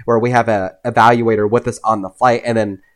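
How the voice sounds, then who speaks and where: A young man, a podcast guest, telling personal stories in a casual, animated way, often acting out what others said. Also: fairly low pitch, fairly quick. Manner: animated, acts out voices in his anecdotes. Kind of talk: casual storytelling.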